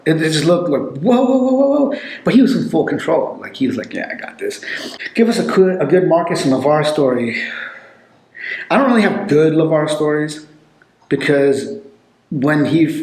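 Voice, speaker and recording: A man telling loose, animated stories in a casual chat, with lots of fillers. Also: on the high side, moderate pace, a little hiss or hum. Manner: rambling, animated storytelling with many fillers. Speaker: podcast guest telling stories. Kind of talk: casual storytelling. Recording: echoey room.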